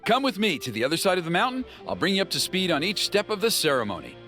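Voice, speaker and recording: An actor playing a wry, gossipy tribal elder in a game. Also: male voice, high-pitched, huge pitch swings, quick pace, pushed and bright, soft background music, full character voice.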